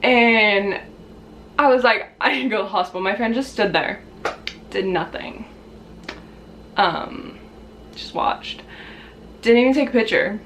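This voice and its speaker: A young woman vlogger telling a casual storytime, chatty with lots of fillers, acting out quotes in shrill high voices. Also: measured pace, long pauses, noisy background.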